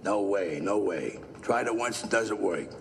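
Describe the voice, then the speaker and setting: An actor playing an older gruff crime boss who hands out orders bluntly, in a film clip. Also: male voice, fairly low pitch, lively intonation, a little slow, a little hiss or hum. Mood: commanding. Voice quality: gravelly. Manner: domineering, blunt. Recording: film clip with roomy reverb.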